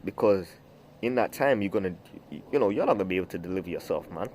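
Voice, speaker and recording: A man's voice: sits low, lively intonation, fast talker, darkish tone, slight background noise. A man preaching from scripture in a loose, rambling way, full of fillers, restarts and the word "man". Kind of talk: informal scripture teaching.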